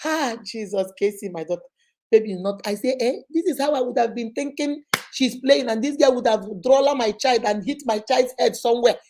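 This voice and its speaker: A middle-aged woman tells stories as a talk host. Her voice sits fairly high. She exclaims often and breaks into laughter. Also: moderate pace, darkish tone. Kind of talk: casual storytelling chat.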